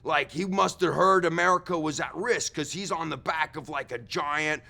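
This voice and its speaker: A young man playing a rambling witness in a comedy sketch, telling a wild story and shouting out the quotes. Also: on the high side, normal speed, gravelly. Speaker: mock witness.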